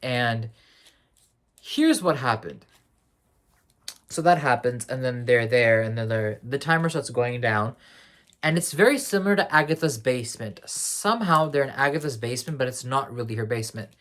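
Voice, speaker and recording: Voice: mid-range voice, expressive, normal speed, fairly bright tone. A speaker giving a casual spoiler review of a TV finale, rambling and slangy, often correcting and restarting mid-sentence. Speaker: TV series reviewer.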